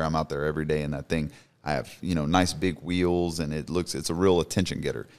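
A man's voice: deep voice, smooth. A man in his thirties, a podcast guest, telling his personal story in an earnest, emphatic way. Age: 30s. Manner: earnest, emphatic, repeats for stress.

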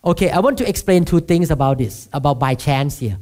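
High-voiced Thai-accented pastor preaching. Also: male voice, animated, brisk, darkish tone. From Thailand. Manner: asks the congregation for responses, self-deprecating humor. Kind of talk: sermon.

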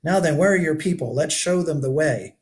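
A man's voice: fairly high pitch, animated, brisk, pitched above the performer's own voice, natural voice. A man reading aloud and voicing a weary, rugged older male keeper of a shipwreck shelter who talks in a folksy, lamenting way. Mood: somber. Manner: folksy backwoods grammar, lamenting.

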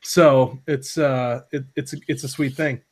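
A man's voice: mid-range voice, fairly even intonation, measured pace, a little hiss or hum. A man from Minnesota co-hosting a casual live stream, chatty and rambling with many restarts. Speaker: live stream co-host, vape reviewer.

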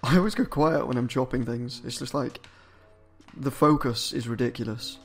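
A man's voice: mid-range voice, normal speed, soft background music. Foul-mouthed man narrating his gameplay. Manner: swears a lot, mutters and yells at game enemies. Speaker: video game let's-player. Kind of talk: casual gameplay commentary.

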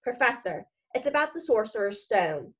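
Earnest determined boy in a storybook, lady reading, bit high. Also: big pitch swings, normal speed, rough recording. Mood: urgent. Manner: urgent, earnest.

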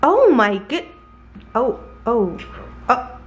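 A woman chatting casually in a home vlog about her puppy, slipping into high baby talk when she speaks to her dog. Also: brisk, lo-fi sound, faint music behind. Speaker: vlogger, dog owner. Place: home living room. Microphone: handheld camera. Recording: roomy echo.

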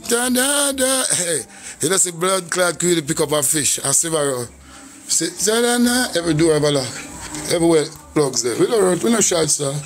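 A Jamaican man talks casually into his phone on a live stream, shouting out viewers and breaking into hummed scat syllables. His voice sits fairly high for a man, with faint music playing behind him. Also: animated, fairly quick. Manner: shouts out viewers, hums and scats between lines.

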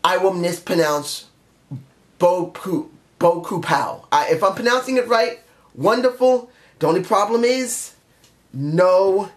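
A man's voice: sits high, animated, measured pace. A man reviewing a wrestling show in a casual spoken style, blunt and exasperated, firing off repeated questions.

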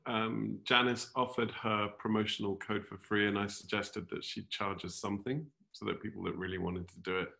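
A man hosting an online session, relaxed and a little hesitant as he takes questions. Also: lowish voice, vocal fry. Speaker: session host. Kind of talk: casual chat.

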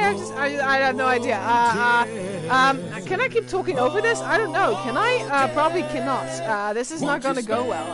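Young woman, game streamer, high-pitched, flustered rambling, swears a lot, loud game music underneath. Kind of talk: live gameplay commentary.

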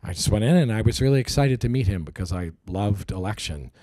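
A man's voice: fairly low pitch, lively intonation, quick pace, mellow, no echo, studio quality. A middle-aged man answering interview questions in a casual, hesitant way, acting out people he quotes. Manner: hesitant, restarts, acts out quoted voices animatedly. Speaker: actor interviewee.

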